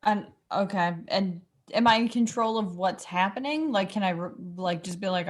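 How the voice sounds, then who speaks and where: A woman player talks loosely at the game table in a mid-range voice. She asks questions and thinks out loud. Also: medium pitch, normal speed, few pauses. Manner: chatty, asking questions. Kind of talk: casual table talk in a role-playing game.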